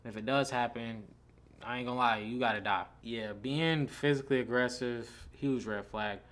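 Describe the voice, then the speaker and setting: A man's voice: medium pitch, fairly even intonation, moderate pace, a bit bright. A young man giving blunt, slangy, opinionated commentary while ranking a tier list, with lots of "like" and "bro" fillers.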